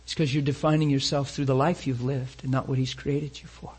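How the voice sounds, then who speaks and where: A man preaching a sermon with intensity, moving between loud emphatic lines and hushed near-whispers and putting rhetorical questions to his listeners. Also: mid-range voice, level tone, fairly quick, husky.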